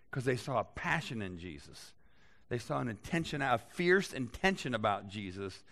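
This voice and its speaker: A man preaching a sermon in a conversational way, reading scripture aloud and adding lively asides to his listeners. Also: medium pitch, vocal fry. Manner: conversational, animated Bible reading with voiced asides. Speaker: pastor.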